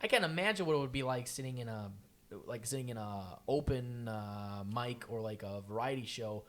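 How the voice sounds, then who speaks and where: A man hosting a casual podcast, talking in a loose, profane, animated way. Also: mid-range voice, moderate pace. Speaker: podcast host.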